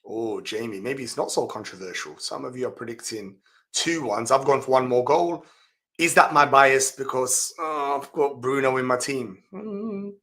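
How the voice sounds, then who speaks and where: A man's voice: medium pitch, moderate pace. A man hosting a live fantasy football stream, reading out viewer comments and reacting with laughs and exclamations. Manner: chatty, laughs often, reacts loudly to comments.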